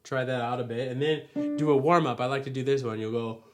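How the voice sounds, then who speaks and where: A man's voice: medium pitch, steady tone, quick pace, over music. A man teaching singing technique in a casual, step-by-step way, now and then singing vowels to show the sound. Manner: friendly, explains step by step, breaks into sung vowel demos. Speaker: vocal coach. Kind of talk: casual singing lesson with sung demonstrations.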